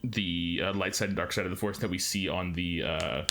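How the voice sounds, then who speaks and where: A man hosting a casual podcast, halting with many fillers as he reads episode summaries and chats. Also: low-pitched, fairly even intonation, creaky, very noisy. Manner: hesitant, many fillers and restarts. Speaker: podcast host.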